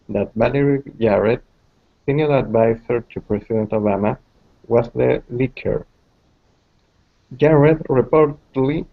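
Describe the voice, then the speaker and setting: A man's voice: medium pitch, no room sound, phone-quality sound. A male student reading a news article aloud carefully, stumbling over some words.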